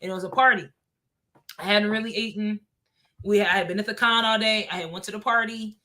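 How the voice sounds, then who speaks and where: A woman telling stories in a casual chat. She is animated, laughs often and swears freely. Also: medium pitch, fast.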